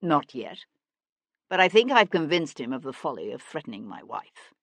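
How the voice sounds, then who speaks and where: A woman's voice: low-pitched, sing-song, normal speed, a bit bright, no room sound, heavily acted. A woman voicing a cold, stern young nobleman who speaks in a clipped, threatening way. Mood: earnest.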